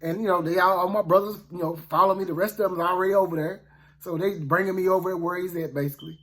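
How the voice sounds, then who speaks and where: A man's voice: high voice, steady tone, fast talker, a bit bright. A man, a preacher telling a Bible story casually in the first person, in a folksy, conversational way with many asides to the listener. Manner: folksy, conversational, often asks "you know what I'm saying".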